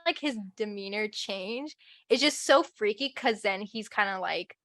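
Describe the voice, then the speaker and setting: A young woman co-hosting a podcast in casual chat, reacting in an excitable, spooked way. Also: mid-range voice, a little slow, no room sound, clean studio sound. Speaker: podcast co-host.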